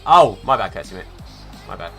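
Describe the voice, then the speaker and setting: Bright-voiced streamer chatting with viewers. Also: male voice, lowish voice, very animated, fairly quick, faint music behind. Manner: chatty, reads and answers chat by name, calls viewers mate and fella. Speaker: live streamer. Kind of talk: casual live-stream chat.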